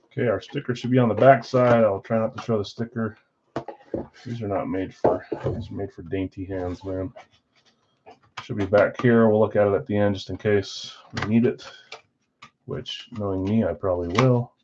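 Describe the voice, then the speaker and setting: A man's voice: fairly low pitch, steady tone, moderate pace, a little mellow, slight background noise. A man hosting a live stream card break, chatting casually and thinking aloud as he opens packs. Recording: dull lo-fi stream audio.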